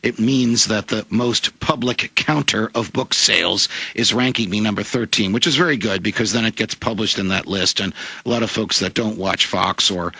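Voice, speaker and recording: A man's voice: on the low side, normal speed, vocal fry, pushed and bright, breathy edge, no echo, poor audio. A middle-aged man, a former judge and author, arguing emphatically as a radio guest with an oratorical, lawyerly cadence. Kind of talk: impassioned talk radio argument.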